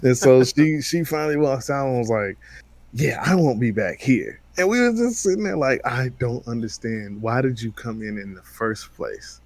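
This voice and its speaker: A man on a podcast telling a story in a relaxed, slangy way, his pitch moving lively. He laughs easily, and his voice sounds dry and close. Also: moderate pace, no room sound. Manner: laid-back, slangy, laughing. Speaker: podcast co-host. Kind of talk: casual storytelling chat.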